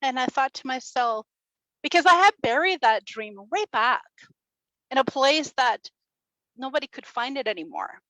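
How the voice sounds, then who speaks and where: A woman in her forties giving a motivational talk at a summit, telling her story with warmth, laughter and acted-out quotes. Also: high-pitched, animated, normal speed, no echo, rough recording. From Chile. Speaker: speaker at a summit, radio and podcast host. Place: stage at a summit.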